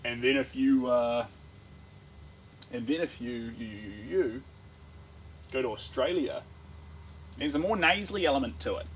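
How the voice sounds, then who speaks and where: A man's voice: mid-range voice, a little slow, pauses often, a little hiss or hum, poor audio. A man with a New Zealand accent, an artist chatting casually on a livestream while he paints, rambling and playful. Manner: rambling, playful, full of restarts and tangents.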